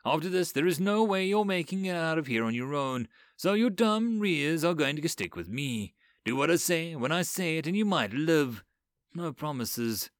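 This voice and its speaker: A man's voice: on the high side, animated, normal speed, no room sound, pitched above the performer's own voice, natural voice. A man voicing a world-weary, sardonic male occult fixer who mutters dry, brusque remarks.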